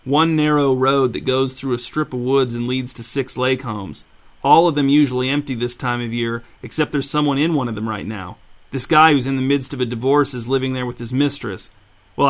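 A man's voice: medium pitch, steady tone, fairly quick, a bit bright, close to an everyday voice. A man reading the part of a scheming teenage boy who leads his friends, with a clipped, insistent delivery. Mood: calm, scheming. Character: scheming teen boy ringleader, cold and commanding.

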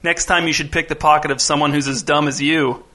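A cocky young boy, sneering and quick to snap, as a man puts him on. His voice sits high and bright in this audiobook reading. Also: steady tone. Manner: snappish, sneering.

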